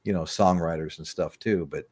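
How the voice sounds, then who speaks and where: A man's voice: deep voice, steady tone, normal speed, darkish tone, slightly rough. A man in his sixties from the United States, hosting a casual livestream chat and telling rambling stories with chuckles. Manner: rambling storyteller, chuckling, greets chat viewers. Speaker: livestream podcast host.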